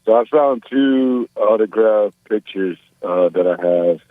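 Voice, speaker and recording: Deep-voiced sleepy male caller, phone line. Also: measured pace, no echo. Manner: relaxed, drowsy. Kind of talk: phone call to a radio show. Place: in a car.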